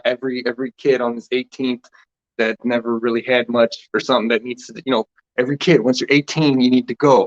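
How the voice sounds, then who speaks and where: A man's voice: mid-range voice, muffled recording. A man hosting a casual spiritual talk session. He rambles and meanders, laughs often, and trails off mid-thought.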